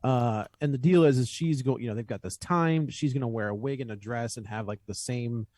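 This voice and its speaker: Man, podcast co-host, chatty film talk, average pitch, dry close mic. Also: a little fast, a little mellow, no room sound. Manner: chatty, laughs along, thinks aloud. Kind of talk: casual film discussion.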